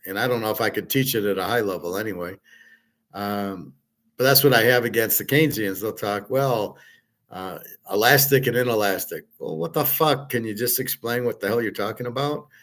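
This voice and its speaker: A man's voice: fairly low pitch, brisk, fairly bright tone. A man hosting his own show, giving a blunt, rambling commentary monologue with frequent swearing and filler words. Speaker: host.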